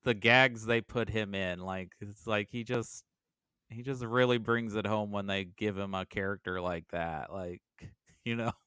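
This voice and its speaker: Smooth-voiced man, dry close sound. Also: lowish voice, steady tone, a little slow, pushed and bright, dry recording. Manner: laughing storyteller, acts out quoted lines. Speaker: podcast guest. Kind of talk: casual chat.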